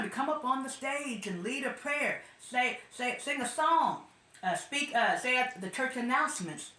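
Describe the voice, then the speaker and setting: A woman's voice: on the high side, bright, forceful tone, roomy sound. A woman giving casual commentary as a vlogger, blunt and sarcastic, often trailing off and restarting. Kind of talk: casual opinion monologue.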